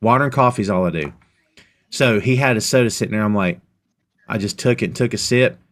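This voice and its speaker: A middle-aged man hosting a podcast in casual chat, animated, his voice jumping up when he gets excited. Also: lowish voice, fairly quick. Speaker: podcast host.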